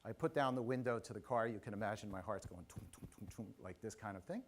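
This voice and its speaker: A man's voice: fairly low pitch, fast. Man telling a keynote story onstage. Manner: animated, audience-engaging, personal anecdotes with asides. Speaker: keynote speaker. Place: conference stage before a live audience.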